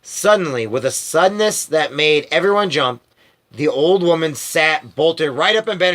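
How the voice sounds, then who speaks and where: Bright-voiced man reading a story aloud. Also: on the high side, expressive, normal speed. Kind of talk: storybook read-aloud narration.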